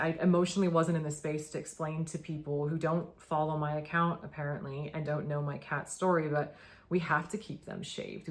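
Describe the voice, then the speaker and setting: A tired, emotional woman giving a casual to-camera update on her pets, halting with many fillers and restarts. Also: deep voice, a little hiss or hum. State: tired from lack of sleep. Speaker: pet owner vlogger.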